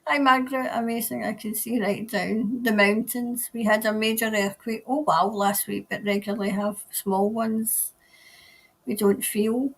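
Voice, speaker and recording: A woman's voice: fairly high pitch, fairly even intonation, measured pace, husky. A woman, hosting a casual live stream as a tarot reader, chatting and rambling as she answers viewer comments. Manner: chatty and rambling, laughs often, trails off mid-sentence.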